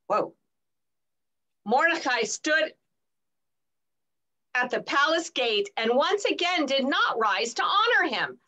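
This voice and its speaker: A woman reading a scripture story aloud, slowly and expressively. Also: high voice, rough recording. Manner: slow and expressive.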